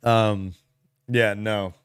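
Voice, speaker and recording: A man co-hosts a casual livestream, chatting and thinking aloud as he answers viewers' comments. His voice is on the low side, clear and resonant, and he speaks very slowly. He sounds relaxed, musing with fillers and laughs, and the recording has no echo.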